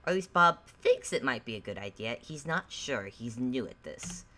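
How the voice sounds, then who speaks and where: A woman hosting and running a tabletop game, chatting casually in a halting, rambling, self-mocking way. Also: very deep voice, sing-song, bright, forceful tone. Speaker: game master and host.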